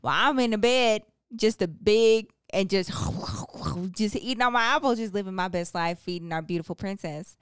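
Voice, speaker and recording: A young woman co-hosting a podcast who teases and makes her points with emphasis. Her voice is smooth and clear at a middle pitch. It is recorded close and dry. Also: moderate pace, few pauses, no echo. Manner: playful, teasing, emphatic. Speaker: podcast co-host. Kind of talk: casual chat.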